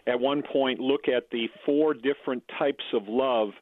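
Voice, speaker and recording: Man, tinny phone-like sound, dry, earnest halting talk. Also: medium pitch, fairly even intonation, no room sound. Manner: earnest, halting with repeated words. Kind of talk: casual Bible discussion.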